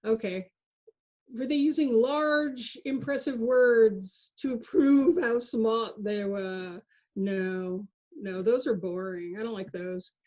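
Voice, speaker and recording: A woman leads an online workshop in a chatty, joking way, full of animated asides. Her voice sits a little high and sounds mellow. It comes through a muffled, lo-fi video call line. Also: slow. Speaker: workshop presenter. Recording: dull lo-fi video call audio.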